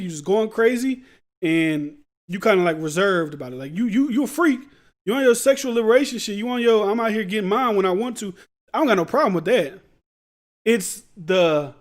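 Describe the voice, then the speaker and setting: A man hosting a podcast, giving blunt, rambling commentary in slangy street talk. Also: high voice. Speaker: podcast host. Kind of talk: casual commentary.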